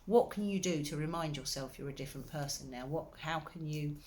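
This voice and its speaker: Low-voiced woman giving earnest advice. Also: brisk, a little mellow, a little hiss or hum. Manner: earnest, encouraging, speaks straight to the listener. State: slight throat irritation. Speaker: wellbeing coach. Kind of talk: direct-to-camera advice talk.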